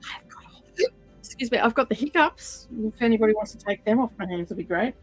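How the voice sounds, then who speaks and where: A woman's voice: fairly high pitch, quick pace, slightly rough, soft background music, low-quality recording. A woman hosting a stitch-along livestream, chatting casually with many fillers and drifting from the mic while she sorts threads.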